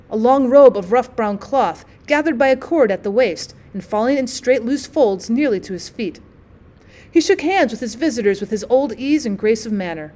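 A woman who teaches, reading a classic short story aloud in steady, clear narration. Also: on the high side.

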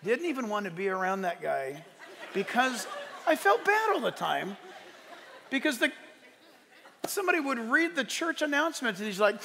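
Male pastor, high and gravelly, lively conversational sermon with sudden shouts; long church-hall reverb. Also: moderate pace, long pauses, a crowd in the background, noisy background. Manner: animated, conversational storytelling with bursts of shouting. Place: church sanctuary.

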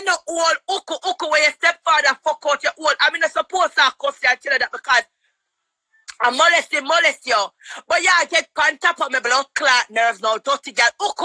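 A woman with a Jamaican accent shouting and cursing in a heated livestream quarrel. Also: high voice, no room sound. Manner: shouting, cursing, rapid-fire. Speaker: livestream guest.

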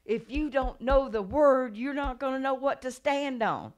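A middle-aged woman evangelist preaching a revival sermon, telling stories with acted-out voices and rising to a loud preaching cadence. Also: sits high, unhurried, lo-fi sound. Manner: animated storytelling, acts out voices and gasps.

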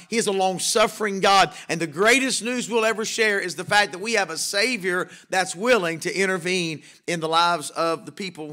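A male pastor delivers a sermon from the pulpit of a church. His voice sits high and sounds bright and ringing. He preaches emphatically, with repeated phrases and rhetorical questions. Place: church sanctuary.

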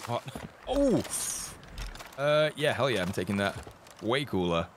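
Co-op gamer: man, teasing and giggly, pitch swinging wide, clear hiss behind. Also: huge pitch swings, a little slow. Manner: teasing, laughing often. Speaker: co-op gaming guest. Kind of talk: casual co-op gameplay chat. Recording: clear background noise.

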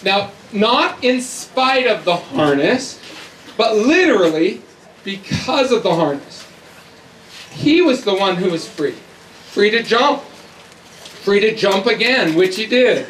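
High-voiced, slow-speaking middle-aged man. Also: very animated, fairly bright tone. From North America. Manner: humorous, measured, emphatic. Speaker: youth conference speaker. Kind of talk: storytelling sermon. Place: large hall with audience. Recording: echoey hall, distant mic, audience noise.

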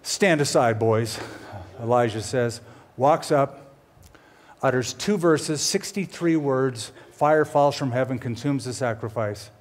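A middle-aged man preaching a sermon, telling a story with lively, animated delivery and acting out quoted characters. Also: slow pace. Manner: animated storytelling, voices quoted characters with big pitch swings. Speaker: pastor.

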